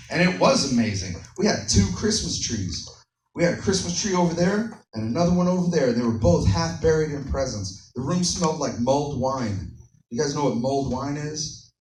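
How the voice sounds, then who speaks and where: A man with a Texan accent doing a stand-up comedy set, telling stories deadpan with sudden shouted bits. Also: medium pitch. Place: comedy club stage. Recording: roomy club sound from far off, audience noise.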